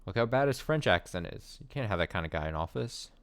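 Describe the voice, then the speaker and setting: A man's voice: sits low, animated, fast, dry recording. A young man casually commenting on a game stream, rambling and joking, his voice worn and nearly gone. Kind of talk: casual let's play commentary.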